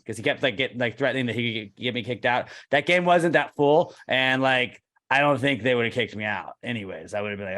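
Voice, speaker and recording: A young man co-hosting a podcast, telling animated stories with plenty of swearing. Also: medium pitch, fast. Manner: animated storyteller, swears freely, acts out quoted exchanges. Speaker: podcast co-host. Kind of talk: casual podcast banter.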